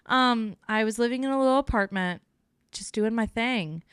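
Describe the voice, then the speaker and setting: A young woman who bakes for a living, talking casually in an interview. Her voice is clean and smooth, recorded close in a dry space with almost no room sound. She tells stories with animation and slips into other people's voices to quote them. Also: on the high side, normal speed, dry recording. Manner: lively storyteller who acts out quoted voices. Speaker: professional baker, guest.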